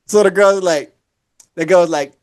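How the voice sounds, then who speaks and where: Speaking a little slowly in a high voice, a man who hosts a podcast relates a long anecdote casually, playing out each person in it with animated energy.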